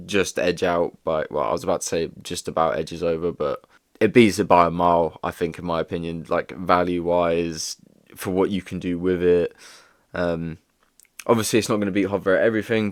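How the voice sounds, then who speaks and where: A young man talks through a casual video review. His voice sits very low, and he rambles loosely, leaning on filler words as he goes. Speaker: toy reviewer.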